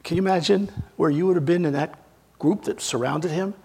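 Male preacher, high husky voice, storytelling sermon with loud and quiet swings. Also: brisk. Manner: storytelling, acting out scripture scenes with big swings in loudness.

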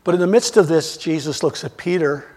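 A man preaching a sermon, retelling scripture scenes as stories and swinging between loud and soft. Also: on the high side, brisk. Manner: storytelling, acting out scripture scenes with big swings in loudness.

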